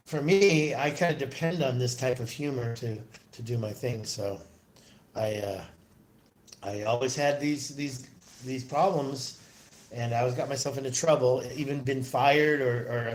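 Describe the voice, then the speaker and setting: A man's voice: mid-range voice, moderate pace, a little hiss or hum. A man hosting a casual livestream into his phone, rambling and answering viewer comments aloud. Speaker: livestream host.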